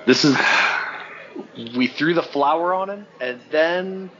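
A man's voice: fairly high pitch, takes it slowly, a bit bright. A man co-hosting a podcast, telling a story in casual chat and laughing along the way. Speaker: podcast co-host. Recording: dull lo-fi audio.

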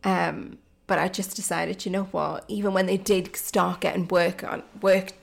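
A woman with a Geordie accent hosts her own podcast in a loose, chatty monologue. Her voice is heavily gravelly with plenty of fry, and she talks excitedly and enthusiastically, correcting herself and tossing in fillers as she goes. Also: lowish voice, unhurried. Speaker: podcast host and mindset coach.

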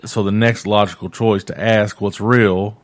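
A man's voice: on the low side, fairly even intonation, measured pace, no echo. A father telling a family story in casual conversation, with a dry storytelling manner. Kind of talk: casual chat.

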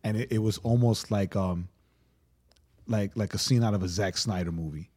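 A man co-hosting a podcast in casual chat, an excitable storyteller who fills his talk with "like" and "right?". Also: lowish voice, normal speed, breathy edge. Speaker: podcast co-host.

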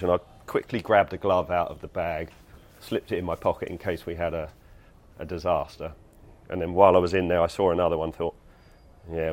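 A man with a very deep voice recalls his caddie days. He tells the story in a measured, steady way and pauses on frequent ums. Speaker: former golf caddie. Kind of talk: casual anecdotal storytelling.

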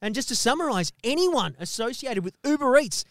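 A man's voice: very high voice, big pitch swings, brisk, few pauses, a bit bright. A man hosting a podcast, ranting in a heated, sweary, comedic way and often asking "do you know what I mean". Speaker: podcast host. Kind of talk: profane comedic rant.

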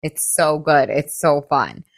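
Female coach, casual podcast host, low-ish voice, upbeat and chatty with lots of "like", dry close mic. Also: expressive, no room sound. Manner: chatty and upbeat, full of "like" and quick laughs.

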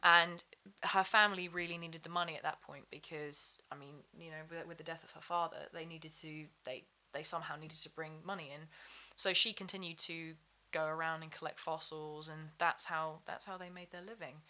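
A woman's voice: deep voice, steady tone, a little fast, hardly any pauses, sharp tone. A woman chatting as a podcast guest, rambling with many fillers and restarts. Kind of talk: casual chat.

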